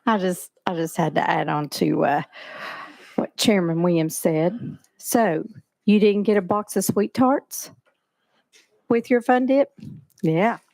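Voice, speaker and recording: A woman legislator presenting a bill to a committee in a brisk, matter-of-fact way, speaking into a desk microphone in a hearing room. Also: lowish voice, creaky, a little mellow, no room sound, rough recording. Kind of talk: committee testimony.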